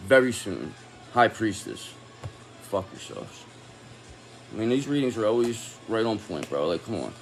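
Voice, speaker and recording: A man's voice: lowish voice, a little hiss or hum. A man giving a casual tarot reading, talking in an angry, profane and confrontational way. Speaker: tarot reader.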